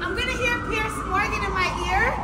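Shrill manic woman, very high-pitched. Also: fairly even intonation, a little fast. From United States. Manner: loud, shrieky, manic, screaming at times. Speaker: comedian and performer. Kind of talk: nervous backstage rambling. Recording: noisy background.

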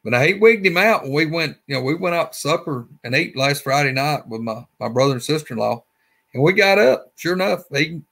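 Brisk and a bit bright, with vocal fry, a guest's fairly high voice moves with lively intonation. He has a Southern Alabama accent and tells a rambling, folksy story casually, repeating himself.

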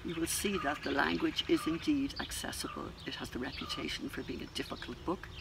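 A man hosts a literary celebration, introducing the program in an unhurried way. His voice is gravelly and a little high. He is recorded outdoors with clear birdsong and ambient noise. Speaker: event host. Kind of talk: casual introduction.

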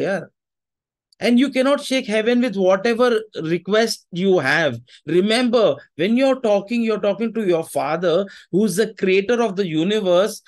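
A man preaching a sermon, emphatic and repeating his phrases, with Hindi asides. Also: high voice.

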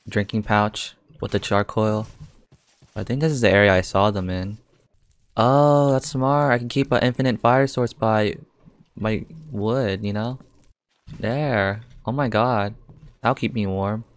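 A young man with a lowish voice talks through his game as he plays. He thinks out loud, then breaks into sudden exclamations and curses. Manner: reactive, swears and exclaims often, thinks aloud. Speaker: gaming YouTuber. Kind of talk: live game commentary.

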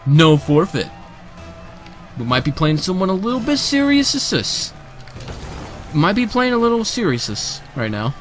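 Excitable man calling his own gameplay. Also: high-pitched, measured pace, long pauses, soft background music. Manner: excitable, bursts into shouts and repeated cheers. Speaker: gamer and video creator. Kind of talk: live gameplay commentary. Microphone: desk microphone, sitting close.

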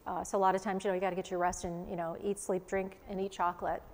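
A woman's voice: on the low side, flat delivery, a little hiss or hum. Chatty woman medium in reverberant studio. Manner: chatty, quick, relaying messages in asides. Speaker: psychic medium guest. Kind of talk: giving live readings to a studio audience. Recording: long reverb in a studio hall.

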